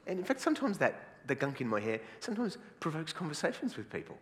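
A man's voice: a little high, huge pitch swings, quick pace. A middle-aged Australian man preaching a sermon in a chatty, joking, self-deprecating way. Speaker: pastor. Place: church hall with audience. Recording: reverberant church hall.

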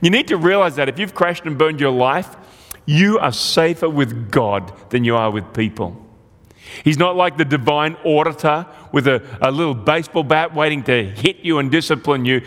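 A male pastor preaching a sermon, telling a parable in an animated way and acting out the characters' lines. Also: on the high side, moderate pace. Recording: long hall reverb.

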